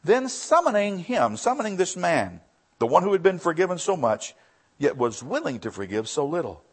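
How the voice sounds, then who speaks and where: Husky, lively male pastor preaching. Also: on the high side, normal speed. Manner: reads scripture aloud, then explains it with emphatic repetition. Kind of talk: sermon.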